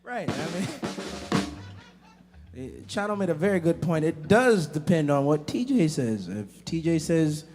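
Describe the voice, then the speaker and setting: A man's voice: on the high side, very animated, unhurried, a little mellow, faint music behind. A man fronting a blues band, out of breath and joking with the crowd between songs. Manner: joking, rambling, chatty with the crowd. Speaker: blues bandleader and singer. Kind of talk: stage banter between songs. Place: blues club stage.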